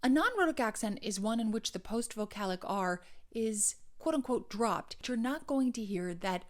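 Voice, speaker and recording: A woman's voice: a little high, animated, normal speed. A woman teaching an accent lesson, modeling and repeating sounds as she explains. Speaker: dialect coach.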